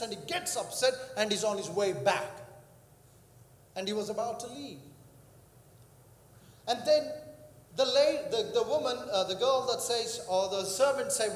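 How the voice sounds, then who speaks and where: A man's voice: sits high, lively intonation, unhurried, long pauses. A male pastor preaching a sermon, telling a story with frequent fillers and acted-out quotes. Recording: echoey hall with long reverb.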